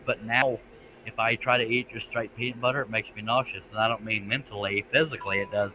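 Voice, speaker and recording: A man's voice: lowish voice, steady tone, fast talker, pushed and bright, slight background noise, poor audio. A man hosting a casual late-night live stream, folksy in his talk. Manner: folksy, says "by God" and "Amen".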